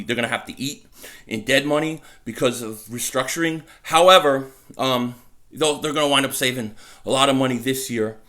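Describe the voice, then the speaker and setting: A man talking casually about his football team from home, excitable and stumbling over his words as he repeats himself. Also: medium pitch. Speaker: sports vlogger. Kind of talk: casual fan commentary. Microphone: desk mic.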